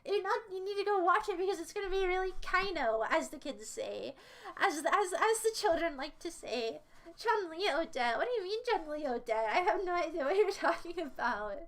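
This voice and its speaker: A woman's voice: very high-pitched, normal speed. A young woman livestreamer rambling and joking with her viewers in casual chat, giggling and repeating catchphrases. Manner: giggly, squeals when excited.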